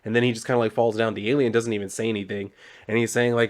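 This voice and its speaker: A man's voice: lowish voice, little pitch movement, very fast. A man reviewing a comic book, retelling the plot in a loose, profane, casual way full of "like".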